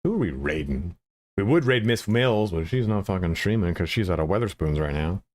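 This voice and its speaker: A man's voice: low-pitched, very animated, a little fast, darkish tone. Rambling, profane male game streamer. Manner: rambling, profane, lots of filler words. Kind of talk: casual stream chat.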